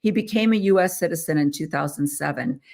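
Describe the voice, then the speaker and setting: A woman's voice: deep voice, a little fast, gravelly, darkish tone. An American woman hosting a podcast, talking casually in a chatty, rambling way with many fillers and restarts. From United States. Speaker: podcast host. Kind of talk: casual solo talk.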